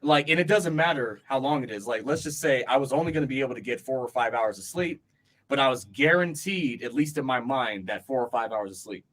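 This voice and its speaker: A man's voice: medium pitch, a little fast, a bit bright. Rambling podcast co-host man. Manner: rambling, lots of "like" and "bro", laughs easily. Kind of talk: casual chat.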